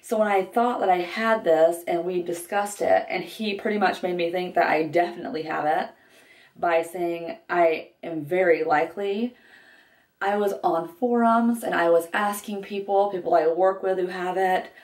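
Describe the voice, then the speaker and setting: A woman's voice: fairly low pitch, fairly even intonation, normal speed, a little mellow, recorded from a distance. A young woman talking candidly to the camera in a vlog while doing her makeup, with lots of fillers and restarts. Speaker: vlogger. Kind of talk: get-ready-with-me vlog. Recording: echoey room, voice a bit off-mic.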